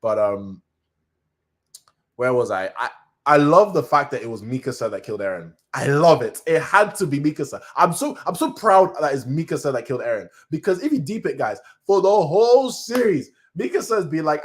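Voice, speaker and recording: At a moderate pace, a man delivers a casual, slang-heavy live-stream review, excitably rambling and restarting, with the odd jump into high cries when something moves him.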